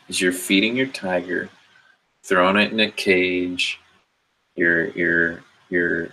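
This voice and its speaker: A man's voice: deep voice, little pitch movement, slow pace, bright, forceful tone, a little hiss or hum, rough recording. A man giving a rambling, earnest motivational monologue about inner growth, swearing casually as he talks. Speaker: spiritual self-help speaker.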